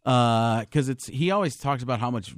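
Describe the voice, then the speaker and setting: A comedian chatting as a guest in a radio studio. He rambles, restarts his sentences and laughs easily. His voice is mid-pitched and dry, close to the mic. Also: moderate pace, dry recording. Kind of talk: casual radio chat.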